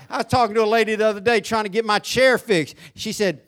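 A man preaches a sermon in church, and his voice sits high for a man. The tone is bright and forceful. He drops to quiet, conversational asides, then climbs into loud, excited praise. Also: a little fast, few pauses. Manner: preaching, swinging from soft asides to shouted praise. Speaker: pastor. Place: church sanctuary.

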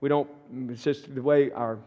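A man's voice: medium pitch, steady tone, moderate pace, mellow. A middle-aged man with a Southern US accent, a pastor teaching a church class in a folksy, earnest way that repeats words and restarts. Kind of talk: conversational teaching talk. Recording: long reverberant room echo.

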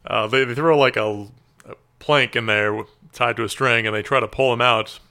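Podcast guest: male, gravelly and bright-edged, easygoing movie chat. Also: medium pitch, steady tone, normal speed. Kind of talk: casual movie-recap chat.

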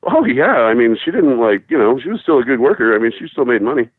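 A man's voice: mid-range voice, very animated, fast. A man calling in to a talk show, telling rambling, profane stories in casual chat. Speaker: phone-in caller. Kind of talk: casual storytelling. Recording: tinny phone line.

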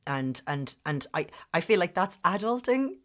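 A woman talking candidly as a podcast guest, chatty and full of restarts, sometimes clearing her throat. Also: fairly low pitch, big pitch swings, unhurried, fairly bright tone. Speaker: podcast guest, business founder. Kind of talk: candid conversational interview.

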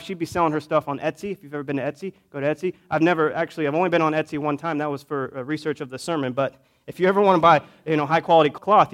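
Pastor preaching a conversational storytelling sermon. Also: male voice, a little high. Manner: conversational, swings between loud emphasis and quiet asides.

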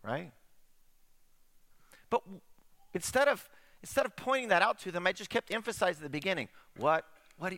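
A man's voice: sits high, big pitch swings, a little fast, gravelly, long pauses, pushed and bright. A middle-aged man preaching a conversational sermon, full of rhetorical questions. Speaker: pastor.

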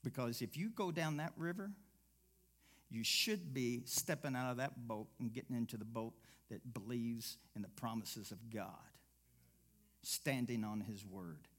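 A male pastor preaching a sermon, swinging from low, quiet asides to loud exclamations and mimicking whiny voices when he quotes people. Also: measured pace.

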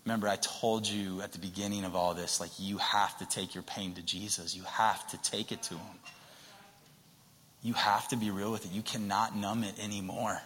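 A male pastor delivers a sermon in a bright, forceful voice. He swings from quiet, whispered tenderness to passionate emphasis. His words carry a long reverb from a large church hall. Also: on the low side, fairly even intonation, moderate pace. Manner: earnest, builds to emphatic passion, drops to soft whispers.

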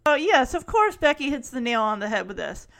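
A young woman giving a chatty, animated recap with quick asides. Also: high-pitched, gravelly. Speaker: host recapping a sitcom. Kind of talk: casual commentary.

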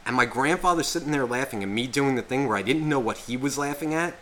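A man in his thirties tells a story on a podcast in an unscripted, rambling way, peppering it with swearing and endless "like"s. His voice is bright and forward, sitting at an ordinary pitch for a man. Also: quick pace, a little hiss or hum. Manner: rambling, heavy profanity, constant "like" fillers. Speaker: podcast co-host. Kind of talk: casual storytelling chat.

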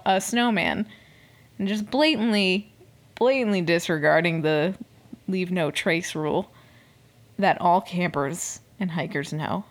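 A young woman hosting a casual recap podcast, chatty and expressive, swearing freely, slipping into whispers and mock outrage. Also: lowish voice. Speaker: podcast host. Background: air conditioner noise.

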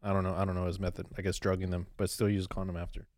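A man's voice: deep voice, little pitch movement, rapid-fire, darkish tone. A young man hosting his own podcast solo, ranting casually in a profane, rambling way and laughing at himself. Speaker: podcast host.

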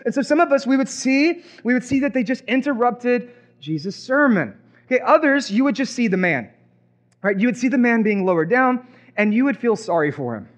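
A man preaching a sermon as pastor, animated and acting out imagined reactions. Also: very high voice, fairly quick.

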